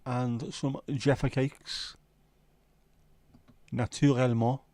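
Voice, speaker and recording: A man hosting a relaxed livestream, bantering cheekily with viewers he addresses by name. His pitch sits in an ordinary middle range, and the sound is close and dry with no room echo. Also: moderate pace. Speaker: livestream host. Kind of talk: casual chat reading viewer comments.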